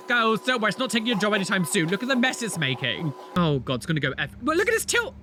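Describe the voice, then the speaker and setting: A young man hosting a reaction video, reacting to clips in casual commentary with animated, disgusted exclamations. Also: high voice, fast, noisy background.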